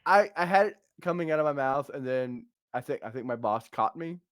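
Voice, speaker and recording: Host role: middle-aged man, lively pitch, rambling storyteller, dry close sound. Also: brisk, dry recording. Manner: rambling, animated storyteller with many restarts. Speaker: podcast host. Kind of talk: casual chat.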